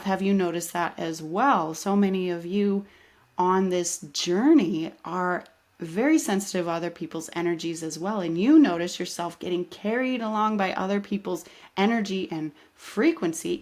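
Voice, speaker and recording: A woman in her thirties, a life coach hosting her own podcast, talking casually and animatedly, often checking in with "right?". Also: lowish voice. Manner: animated, conversational, peppered with "right?". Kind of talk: casual solo podcast talk.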